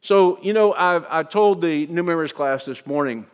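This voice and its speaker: A man's voice: fairly high pitch, normal speed, smooth. A male pastor preaching a sermon, reading scripture aloud and breaking in with emphatic asides.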